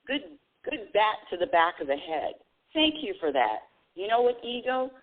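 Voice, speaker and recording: Middle-aged woman, radio host, spiritual call-in talk, lively swooping pitch, tinny phone-line sound. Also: moderate pace. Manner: animated, laughing often, quoting herself dramatically.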